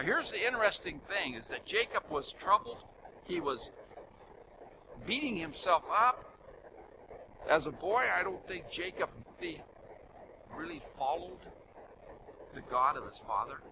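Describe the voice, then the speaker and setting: An older man delivers a sermon in a fairly high voice that rises and falls with lively, animated swings. He tells his stories with loud emphasis that drops into soft asides. The recording carries clear background noise, including a vehicle hum. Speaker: preacher.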